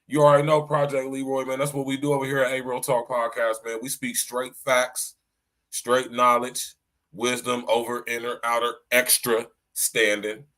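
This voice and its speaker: Loud, slangy male podcast host. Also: medium pitch, completely flat delivery, moderate pace. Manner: loud, slangy, repeats "man" and "you know what I'm saying". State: coughing now and then. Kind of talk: casual podcast monologue.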